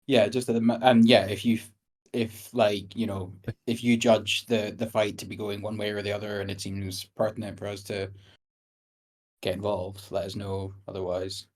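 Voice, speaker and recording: A man chatting as a player at a tabletop game. His voice sits on the low side, and he hesitates and restarts often. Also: level tone, moderate pace.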